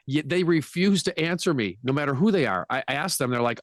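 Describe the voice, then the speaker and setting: A man who is a guest on a political talk show, chatty and quick to agree. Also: fairly high pitch, expressive, dry recording, clean studio sound. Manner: chatty, quick to agree, puts on mocking voices. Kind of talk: casual political chat.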